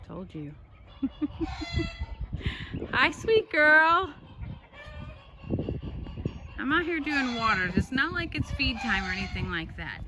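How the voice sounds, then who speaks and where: A woman's voice: medium pitch, sing-song, brisk, few pauses. A woman, vlogging casually outdoors on a farm as she does chores and chats fondly to her animals. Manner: chatty, talks fondly to the animals. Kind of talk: casual vlog while doing farm chores. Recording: loud outdoor noise behind the voice. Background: chickens and a rooster clucking.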